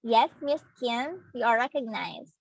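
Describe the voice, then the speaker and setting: A young woman with a Filipino accent leads a demo lesson, her voice sitting a little high. She explains at an unhurried pace, stopping to search for words. The sound is dry and close. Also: expressive, vocal fry, husky, no echo, lo-fi sound. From Philippines. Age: young adult. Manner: slow, hesitant, explaining to students. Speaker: student teacher.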